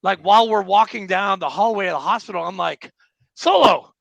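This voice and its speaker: A man hosting a podcast, chatting casually in a joking, excitable way. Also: high voice, fast, vocal fry, dry recording, muffled recording. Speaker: podcast host. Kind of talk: casual interview chat.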